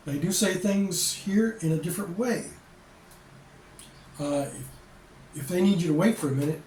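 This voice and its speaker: An American man in his sixties, an expat vlogger, gives plain-spoken, rambling advice to the camera and repeats himself. His voice sits high, at a normal speed with frequent pauses and a slightly mellow quality. He's distant from the mic in an echoey room, with a little hiss or hum.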